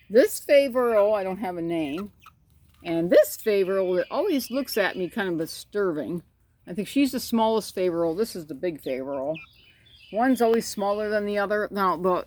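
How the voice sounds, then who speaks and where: A woman chatting about her backyard chickens, rambling and cooing at the birds, recorded outdoors on a phone. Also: mid-range voice. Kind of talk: casual chat. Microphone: phone camera.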